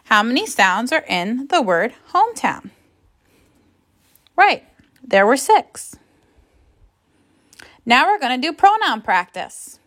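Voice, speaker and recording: A woman teaching a phonics and grammar lesson to young children, speaking slowly and carefully in an encouraging classroom manner. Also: high-pitched, big pitch swings, fairly bright tone.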